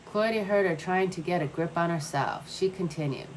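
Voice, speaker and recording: A woman with a fairly low voice reads a novel aloud at an even pace. She stumbles now and then and starts a word over. A faint hum of room ambience sits under her voice. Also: moderate pace, few pauses, poor audio. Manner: reads aloud with small slips and restarts. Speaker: audiobook reader. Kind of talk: scripted narration.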